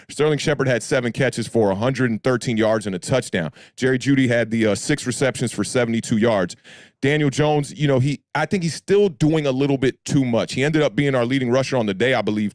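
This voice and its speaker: A man with a deep voice hosting a casual sports talk show, laid-back and slangy, addressing listeners directly. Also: dry recording, clean studio sound. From United States. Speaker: podcast host.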